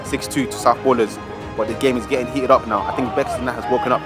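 Excitable man commentating football. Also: medium pitch, quick pace, over loud music. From South London. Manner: casual slang, cheering and groaning over plays. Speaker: match commentator for his club.

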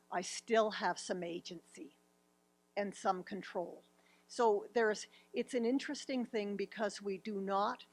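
A woman's voice: mid-range voice, poor audio. A woman presenting at a seminar, speaking earnestly and thoughtfully with a few restarts.

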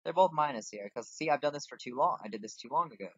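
A man's voice: medium pitch, lively intonation, fast talker, fairly bright tone, breathy edge, no room sound. A man casually commenting on his game as he plays, rambling and making fun of himself. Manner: rambling, self-mocking, thinks aloud while playing. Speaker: gaming channel host. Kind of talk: casual let's-play commentary. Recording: dull lo-fi dry mic.

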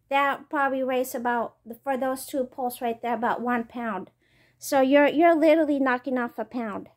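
A woman with a fairly high voice talks through product tips in a casual vlog. She is chatty and rambling. She often stops to say um and restarts her sentences. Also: a little mellow. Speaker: vlogger.

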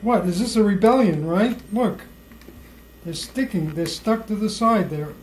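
A home cook talking through baking in a slow, whimsical, playfully mock-serious way in a kitchen. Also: medium pitch, reverberant, a little hiss or hum, low-quality recording. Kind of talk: playful cooking video banter.

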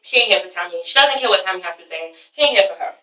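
A woman's voice: medium pitch, racing. A woman hosting a casual review vlog, swearing freely and acting out scenes. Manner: swearing, animated, acts out scenes. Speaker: vlog host reviewing a reality show. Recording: roomy, mic at a distance.

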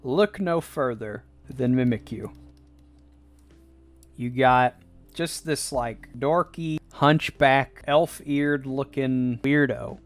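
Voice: mid-range voice, takes it slowly. A livestreamer chatting casually to chat while drawing, goofy and laughing often between jokey asides.

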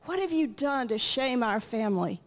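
A woman's voice: on the high side, expressive, normal speed. A woman playing a ranting, shamed father. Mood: angry, ranting. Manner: scolding, then coaxing. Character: upset father of a 1940s teenage girl. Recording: reverberant church hall.

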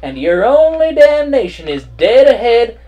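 A man's voice: very high-pitched, big pitch swings, a little slow, highs cut off, voice pushed up, full character voice. A man putting on a drawling, mock-dramatic cowboy narrator voice while joking during gameplay. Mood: mock grim. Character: gravel-toned grim cowboy narrator, male adult.

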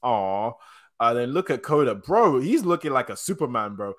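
A young man hosting a casual manga reaction, excitable and slangy, often stopping to correct himself. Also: mid-range voice, moderate pace. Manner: excitable slangy chatter, frequent restarts.

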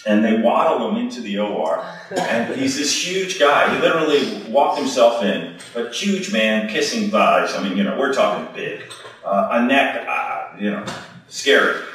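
A man's voice: medium pitch, lively intonation, moderate pace, a bit bright. A man giving a conversational medical lecture, telling stories in an informal way with plenty of fillers. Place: lecture hall. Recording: echoey hall from far off.

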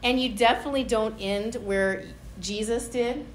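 A woman with a bright, high voice preaches in a roomy church, her sermon loose and chatty. She slips into playful little voices as she acts out everyday prayers. The room rings around her with a faint hum underneath. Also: normal speed. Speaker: pastor. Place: church hall.

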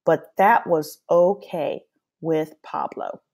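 A woman teacher reading a children's picture book aloud in a slow, expressive way. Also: deep voice. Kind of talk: storybook read-aloud for children.

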